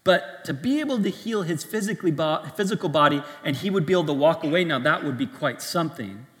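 A man preaching a sermon to young adults, in a conversational style full of restarts and lively asides. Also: fairly high pitch, fast talker, big-room sound.

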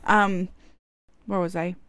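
A young woman co-hosting a casual chat, dropping wry, quick remarks. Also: lowish voice, level tone, fairly bright tone, clear, resonant tone, no echo, clean studio sound. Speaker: podcast co-host.

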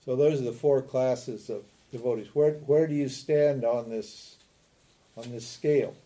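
A man giving a spiritual talk on scripture, who keeps asking his listeners rhetorical questions and tossing in a quick "huh?" while he chuckles. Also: medium pitch, dark tone. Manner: chuckles often while explaining. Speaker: spiritual teacher.

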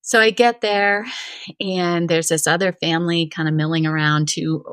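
A middle-aged woman from Vermont, a wellness coach telling a personal story in a chatty interview, full of "like" and animated retellings. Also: on the low side, moderate pace, no room sound. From Vermont, USA. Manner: chatty, heavy use of filler "like", animated retelling.

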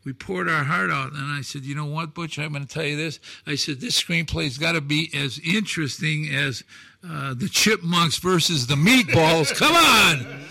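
A man in his sixties telling stories as a talk show guest, acting out dialogue with shouted quotes and emphatic delivery. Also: a little high, normal speed, gravelly. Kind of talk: animated storytelling on a talk show.

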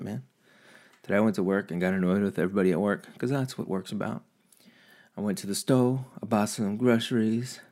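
A man casually vlogging from home, a profane, animated storyteller who rants about his day. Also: on the low side. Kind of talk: casual rambling monologue.

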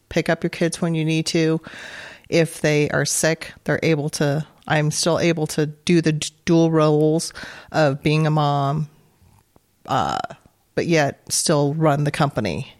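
A woman's voice: sits low, a little mellow. A woman talking casually as a guest in an interview. She runs a company with her husband and speaks candidly, with light jokes and a chatty manner. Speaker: guest, business co-owner.

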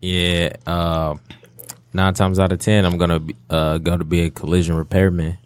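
Very deep-voiced teenage boy, laid-back. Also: little pitch movement, clear, resonant tone, no room sound. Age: teens. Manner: laid-back, short halting answers. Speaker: student guest. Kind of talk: casual interview.

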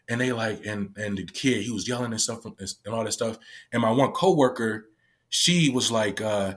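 A man's voice: fairly low pitch, fairly quick, a bit bright. A man who works with young people, telling a story in a casual way, with lots of swearing and fillers. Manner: loose, profane, full of "like" fillers. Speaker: youth worker.

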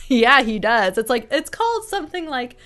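A woman's voice: fairly high pitch, sing-song, normal speed, fairly bright tone. A woman who is a guest on a podcast, chatting casually, joking and laughing often. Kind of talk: casual chat.

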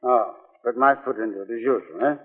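An actor in a 1940s radio play voicing a jolly, chatty upper-class friend who blurts out whatever comes to mind. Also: male voice, mid-range voice, quick pace, breathy edge, close to an everyday voice. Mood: jovial. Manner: bluff, jolly, blurts things out. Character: breezy chatty upper-class Englishman, tactless. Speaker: visiting old friend. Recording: tinny old radio broadcast with reverb.

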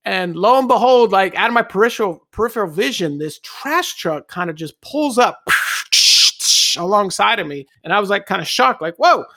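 A middle-aged man, a guest, telling a personal anecdote in a casual, animated way and acting out the voices he quotes. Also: high-pitched, brisk, hardly any pauses, dry recording, clean studio sound. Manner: animated storyteller who acts out quoted voices.

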